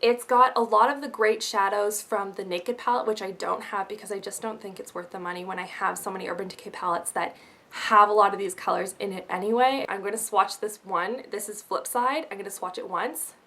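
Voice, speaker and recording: A chatty young woman from Canada talks through a beauty haul for her vlog. She is bubbly and quick to tease herself, with a voice of ordinary middle pitch. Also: fairly even intonation, sharp tone. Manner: bubbly, chatty, self-mocking. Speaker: beauty vlogger.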